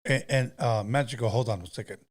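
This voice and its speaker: A man's voice: medium pitch, fast talker. A man hosting a casual talk show, joking and laid-back with a caller. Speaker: host. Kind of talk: casual chat.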